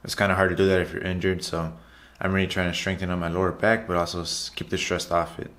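Man, very low voice, casual fitness vlog, loose rambling chat. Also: flat delivery, quick pace, a bit bright. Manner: loose, repetitive, chatty, says "guys" often. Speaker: fitness vlogger. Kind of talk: casual voiceover over workout footage.

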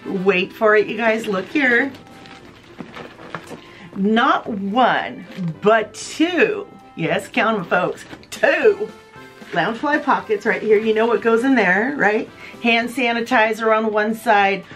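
A woman's voice: mid-range voice, a bit bright. Bubbly woman vlogger gushing to viewers. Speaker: vlog host. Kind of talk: casual product show-and-tell vlog.

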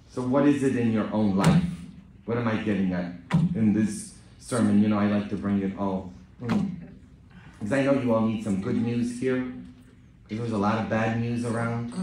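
A man from Poland, a Catholic priest, delivering a sermon with jokes and frequent questioning "huh?" asides, moving from quiet talk to loud, emphatic lines. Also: on the low side, distant mic. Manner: preaching and joking, often ending lines with a questioning "huh?". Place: large church. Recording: echoey church heard from afar.

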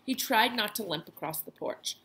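Teacher lady reading a kids book out loud, lively, kinda creaky voice. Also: mid-range voice, normal speed, a little hiss or hum. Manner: expressive storytelling voice. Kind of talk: reading a children's chapter book aloud.

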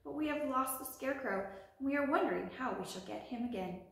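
Brief: woman reading eager little girl, slightly raised pitch, sweet storybook voice, echoey room. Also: expressive, a little fast, creaky. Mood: earnest. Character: earnest, polite little girl Dorothy.

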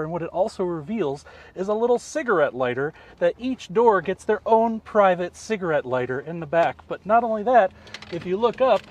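A man co-hosting a casual car review outdoors, explaining specs and features in an easygoing way. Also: high-pitched. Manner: easygoing, explanatory, quick to agree. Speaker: co-host presenting cars.

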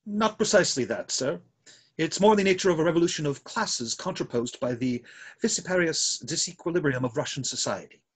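A stiff, deferential manservant, as a man reads him in a play read over a video call. His voice sits a bit high and moves with lively pitch. It has a husky, breathy edge. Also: a little fast. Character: deferential male manservant, formal and dry.

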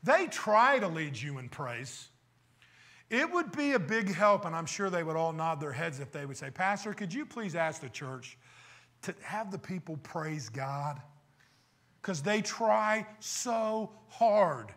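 A male pastor preaches with a high, ringing voice that sits well above most men's. He drives his points home with emphatic rhetorical questions to the congregation and slips in wry, teasing asides. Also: very animated, takes it slowly, fairly bright tone. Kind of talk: sermon.

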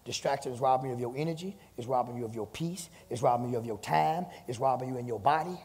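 Male pastor, raspy gravelly voice, fervent sermon delivery, church hall reverb. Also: fast. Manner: rising from low talk to fervent shouted preaching. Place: church sanctuary with long reverb.

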